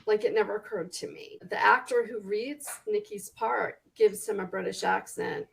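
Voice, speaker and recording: Chatty woman with a vocal fry. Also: mid-range voice, low-quality recording. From Texas. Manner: chatty and animated, quick restarts. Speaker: guest author. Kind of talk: casual podcast interview chat.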